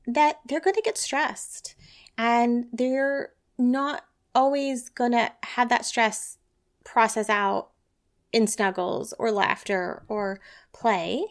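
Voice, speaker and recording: A woman hosting a solo parenting podcast. She talks in an earnest, reassuring, conversational way and often checks in with a quick "right?". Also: a little high. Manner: earnest and reassuring, lively emphasis. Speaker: podcast host, parenting educator.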